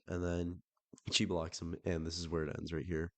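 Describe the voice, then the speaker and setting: A man's voice: deep voice, monotone, normal speed, no room sound. A young man casually reading out and commenting on online messages, in a sarcastic, blunt manner with free swearing. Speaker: reddit story reader.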